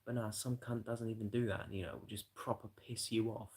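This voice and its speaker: Gravelly low-voiced British man rambling. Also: level tone, a little fast, darkish tone, poor audio. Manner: loose and rambling, peppered with swearing and "you know". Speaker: live streamer. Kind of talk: rambling casual livestream chat.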